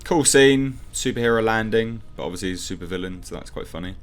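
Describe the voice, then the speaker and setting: A man talks through a trailer in loose, offhand commentary, his voice sitting on the low side. He rambles and gives blunt opinions, stopping often to think. Faint music from the trailer plays underneath. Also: quick pace. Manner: rambling, opinionated, thinks aloud with frequent ums. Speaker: movie trailer reviewer. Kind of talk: casual reaction commentary.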